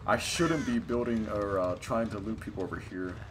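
A young man giving excited, profane live commentary while playing a video game and talking at his opponents. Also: lowish voice, moderate pace, noisy background. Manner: hyped, profane, talks to opponents on screen. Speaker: gaming streamer. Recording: game music behind the voice.

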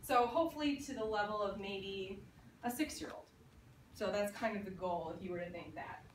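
A woman teaching a high school Spanish class, saying phrases for the students to repeat and then translating them. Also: moderate pace, noisy background. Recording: echoey classroom from far off.

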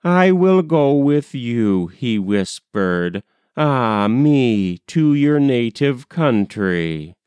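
Sorrowful young woman's lament from a spoken poem, tender refrain, read by a man; very slow and smooth. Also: mid-range voice, very animated, a little mellow, no room sound. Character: young woman lamenting her lost lover.

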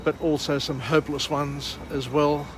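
Australian male vlog host, walk-and-talk, higher voice, flat delivery, faint street noise. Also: normal speed. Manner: chatty, rambling with fillers and restarts. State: muffled by a face mask. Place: outdoors by an urban harbour, walking.

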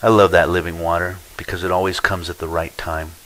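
A man's voice: sits low, flat delivery, fairly quick, fairly bright tone, poor audio. A man pastor teaching a sermon, explaining Bible verses and telling stories in a conversational way.

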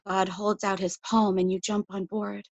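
A woman poet reading her own poem aloud in a measured, even voice. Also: medium pitch, no echo, lo-fi sound. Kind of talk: poetry reading.

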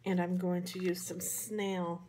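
A woman's voice: lowish voice, monotone, measured pace, background noise. A woman from the American Midwest with a Midwestern accent, chatting casually through a card-making tutorial in a hotel room, rambling and poking fun at herself. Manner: chatty, rambling, self-deprecating. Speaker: craft vlogger.

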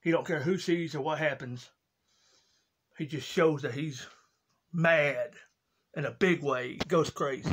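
A man hosting his own comedy video, casually introducing each sketch with slow, unpolished explanations and restarts. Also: on the high side, noisy background. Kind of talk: casual skit narration.

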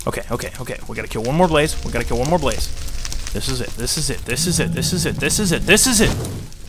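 A man giving excited gameplay commentary, repeating phrases rapidly under pressure. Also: medium pitch. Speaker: gameplay channel host. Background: loud background music.

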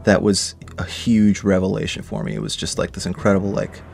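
A man who works as a game developer, casually and excitedly recalling a moment in an interview. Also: lowish voice, fairly quick, vocal fry, faint music behind. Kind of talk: interview answer.

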